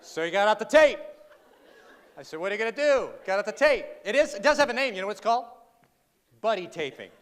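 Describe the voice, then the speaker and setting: A man's voice: high voice, lively intonation, fast talker, pauses often, a little hiss or hum. A keynote speaker, a man, telling a comic story to a live audience, wry and sarcastic, teasing the crowd. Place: large hall before an audience. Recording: live hall recording with long reverb.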